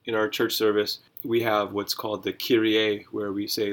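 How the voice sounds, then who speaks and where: A pastor hosts a Bible reading podcast, walking through scripture in an animated, conversational style full of rhetorical questions. His voice is lowish and his pace moderate.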